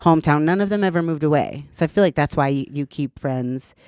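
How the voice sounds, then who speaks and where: A woman's voice: low-pitched, a little fast, darkish tone, smooth, no room sound, clean studio sound. A woman in her thirties, a podcast guest, telling her story in a candid, chatty way and swearing casually.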